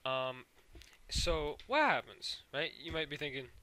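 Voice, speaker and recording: A man's voice: on the high side, lively intonation, a little slow, pushed and bright. A man recapping cartoon episodes in a rambling, profane way, full of fillers and sound effects. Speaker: show recapper.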